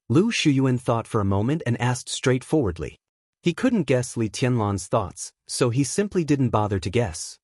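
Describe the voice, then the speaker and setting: A man reads a martial-arts fantasy audiobook in a steady, even voice at a moderate pace. His pitch is squarely in the middle. The recording is dry and close, entirely free of room sound.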